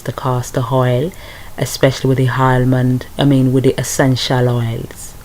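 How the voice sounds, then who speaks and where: A woman's voice: sits low, low-quality recording. A young British woman chatting through a hair care tutorial, talking straight to her viewers. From United Kingdom. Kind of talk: casual tutorial.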